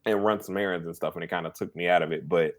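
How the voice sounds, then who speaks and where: A man's voice: low voice, steady tone, fast talker. A man co-hosting a podcast in casual chat, rambling with lots of fillers and restarts. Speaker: podcast co-host.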